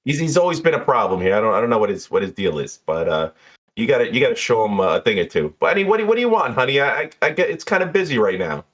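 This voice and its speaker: A man voicing a shrill, excitable female bartender who gushes and calls people honey and baby. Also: rapid-fire. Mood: gushing.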